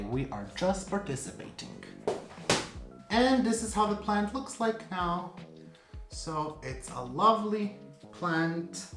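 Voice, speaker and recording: A plant channel host chats through a repot at an ordinary middle pitch. The talk is loose and playful, often poking fun at itself. Quiet music sits faintly underneath. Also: roomy sound. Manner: playful, self-mocking chatter. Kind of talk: casual vlog while repotting a plant.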